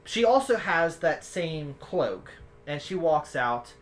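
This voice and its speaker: A woman's voice: sits low, sing-song, slow. A woman narrating a tabletop game as game master, in rambling descriptive narration with restarts.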